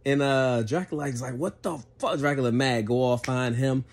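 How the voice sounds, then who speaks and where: A man's voice: medium pitch, fairly even intonation, normal speed. A man giving a casual spoken movie review, laid-back and profane, rambling with frequent restarts.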